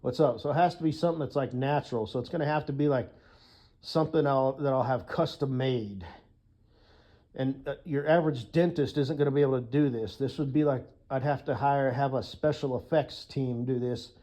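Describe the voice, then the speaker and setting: Rambling, profane man with a mellow voice. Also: mid-range voice, fairly quick. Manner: chatty, profane, laughs at own jokes. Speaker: vlogger. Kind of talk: rambling casual monologue.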